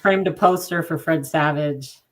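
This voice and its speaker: A woman co-host with a low-pitched voice, chatting casually. She reacts with eager enthusiasm, her words tumbling out in quick bursts when something excites her. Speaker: podcast co-host. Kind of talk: casual chat.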